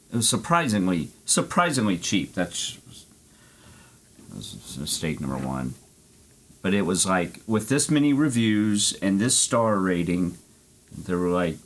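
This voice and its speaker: A man's voice: low-pitched, slight background noise. A man streaming an arcade golf game, telling a rambling story and swearing freely. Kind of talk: casual chat.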